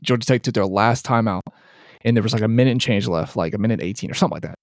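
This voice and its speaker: A man's voice: on the low side, rapid-fire, no echo, studio quality. A man co-hosting a sports podcast, talking loosely with lots of fillers. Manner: rambling, many fillers, says dude. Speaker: podcast co-host. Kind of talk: casual sports chat.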